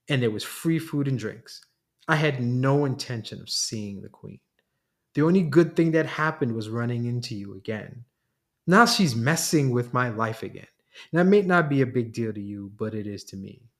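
A man's voice: mid-range voice, lively intonation, normal speed, a bit bright. A man narrating a story, voicing a frustrated, sarcastic man whose privacy has been exposed. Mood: hurt. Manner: exasperated, sarcastic. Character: frustrated young male lawyer.

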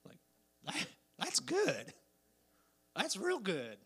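A man preaches in an unhurried drawl, his voice sitting a little high for a man. He drops low and quiet for scripture, then bursts out loud as he acts out roars and bullies. An animated country sermon. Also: breathy edge. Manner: animated, acts out roars and bully voices, swings from soft to shouting.

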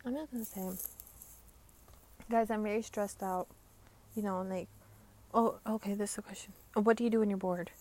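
A woman's voice: mid-range voice, steady tone, moderate pace, pauses often, dark tone. A young woman streamer telling a story in a casual ramble, full of fillers and swearing.

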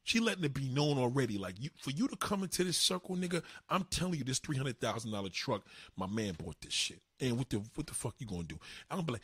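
A man's voice: mid-range voice, animated, quick pace, few pauses, a bit bright, husky, no echo, studio quality. A man ranting casually and profanely to his viewers, acting out both sides of conversations. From New York. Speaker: commentator.

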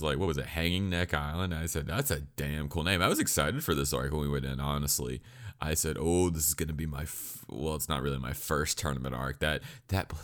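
Very deep-voiced rambling man. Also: fairly bright tone. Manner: rambling, joking, sweary. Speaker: anime reviewer. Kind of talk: casual rambling commentary.

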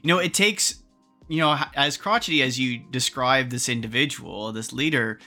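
Man with a very bright tense voice. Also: medium pitch, normal speed, soft background music. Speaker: podcast host. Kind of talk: casual interview chat.

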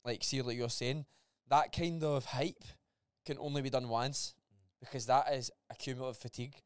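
Scottish man, podcast co-host, emphatic casual talk, smooth clear voice, dry sound. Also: medium pitch, fairly even intonation, normal speed, no room sound. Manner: emphatic, talks in bursts with many "aye"s. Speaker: podcast co-host and strength coach. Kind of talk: casual chat.

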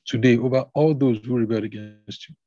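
A man reading the lines of a male runner reporting a victory to the king, in a husky voice. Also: mid-range voice, quick pace, dark tone, lo-fi sound, natural voice. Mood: eager. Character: eager male runner bringing battle news.

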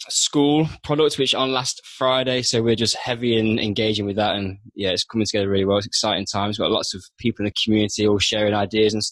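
A low-voiced man talks upbeat on a podcast as a calisthenics coach, pausing with uhs. The recording is dry and close. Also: fairly bright tone, no echo. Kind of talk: casual podcast interview.

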